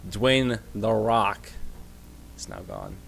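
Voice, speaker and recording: Man, game master, low voice, loose improvised narration, livestream tabletop game. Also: huge pitch swings, very slow, creaky, a bit bright, a little hiss or hum.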